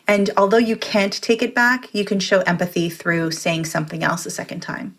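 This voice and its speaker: A woman's voice: fairly low pitch, normal speed. Earnest reflective woman guest. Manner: earnest, reflective, explaining at length. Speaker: podcast guest. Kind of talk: conversational interview.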